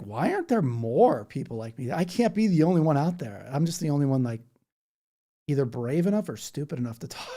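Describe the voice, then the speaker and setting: A livestreamer reads his viewers' comments aloud and answers them head-on in casual stream chat. His medium-pitched voice is dark and mellow, yet his manner is blunt and argumentative. He says "bro" and "dude" constantly and sometimes slips into put-on voices to mock people.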